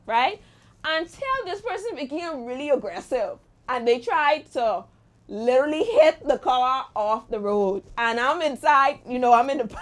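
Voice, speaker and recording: A young adult woman hosting a show, telling a personal story in a lively, animated way. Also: high voice. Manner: lively, animated retelling with exclamations. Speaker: host. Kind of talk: storytime monologue.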